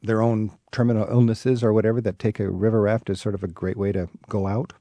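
A man's voice: fairly low pitch, flat delivery, fairly quick, dark tone, no room sound. A man hosting a travel radio show, asking his guest questions with enthusiasm. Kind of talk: radio interview.

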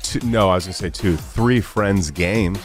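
A man's voice: sits low, normal speed, soft background music. A man on a morning radio show who chimes in with short, dry remarks. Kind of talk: casual radio banter.

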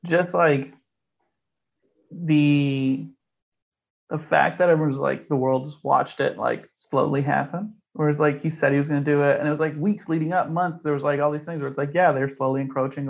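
Gravelly, rambling man with lo-fi sound. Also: a little high, fairly even intonation, moderate pace. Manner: rambling, blunt and profane, peppered with "like". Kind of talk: casual chat.

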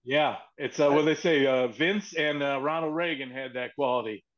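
A man guesting on a podcast, telling stories casually in an animated way, swearing freely and acting out the people in them. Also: mid-range voice, moderate pace, muffled recording. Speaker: podcast guest, former wrestling writer. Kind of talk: casual storytelling.

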